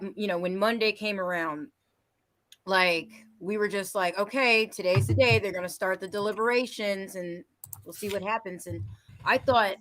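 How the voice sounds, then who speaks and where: A woman with a mid-range voice talks through her thoughts on a discussion panel. She pauses and restarts often as she works her way to the point. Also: mid-range voice, fairly bright tone. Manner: hesitant, lots of fillers and restarts.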